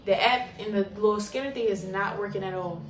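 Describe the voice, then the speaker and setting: A woman's voice: mid-range voice, a little fast. Blunt, fired-up woman in an echoey room. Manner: blunt, animated, profane. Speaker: coffee shop worker. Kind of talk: casual storytime. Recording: roomy, distant from mic, faint noise.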